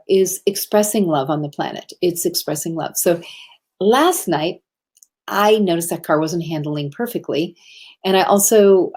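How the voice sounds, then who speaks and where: A woman's voice: on the low side, darkish tone. A middle-aged woman giving a casual motivational talk, earnest and meandering as she tells stories. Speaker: speaker on love and self-expression.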